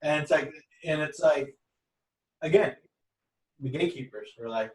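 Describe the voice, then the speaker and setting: A man's voice: fairly high pitch, moderate pace, pauses often, darkish tone, recorded from a distance. Man, podcast guest, casual rambling storyteller, echoey room, set back from the mic. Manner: rambling storyteller with many restarts and quoted dialogue.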